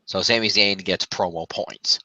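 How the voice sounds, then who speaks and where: A man hosting a casual podcast, recapping wrestling and tallying fantasy points out loud in a laid-back way. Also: sits low, steady tone, measured pace, no room sound, dull audio. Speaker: podcast host.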